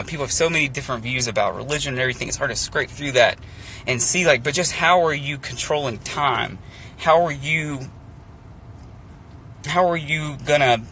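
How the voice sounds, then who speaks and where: A man with a slightly high voice pours out his thoughts to live viewers, rambling, earnest and overwhelmed, circling back to the same lines and calling people "dude." He talks into a phone, and steady vehicle noise runs clearly behind him. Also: poor audio. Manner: rambling, earnest, repeats himself, says dude. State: emotionally overwhelmed. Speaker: streamer talking to live viewers. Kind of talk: emotional off-the-cuff monologue.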